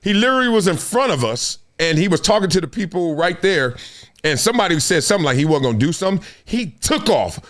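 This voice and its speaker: In a high-pitched voice at a quick pace, a man in his fifties runs a laid-back sports talk show. He laughs often, leans on slang, and performs his stories with acted-out quotes.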